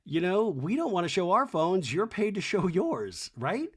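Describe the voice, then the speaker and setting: A man's voice: sits high, very animated, normal speed, breathy edge. A man hosting a comedy podcast, recapping a reality show in a wry, sarcastic, chatty way.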